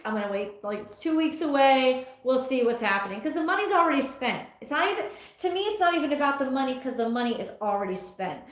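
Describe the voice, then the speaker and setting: A middle-aged woman hosting a tarot livestream, chatting casually and reading viewer comments aloud with frequent laughs. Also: high-pitched. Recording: echoey room.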